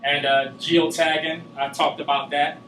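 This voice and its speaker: A man's voice: fairly high pitch, little pitch movement, unhurried, reverberant, far from the mic, background noise. A man giving a class presentation, talking loosely with many filler sounds. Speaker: student giving a class speech.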